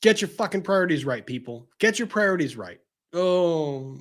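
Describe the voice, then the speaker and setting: A man hosting a show, delivering a heated, profane rant that swings between loud outbursts and low, intense repetition. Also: lively intonation, normal speed. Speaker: show host. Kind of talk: ranting commentary.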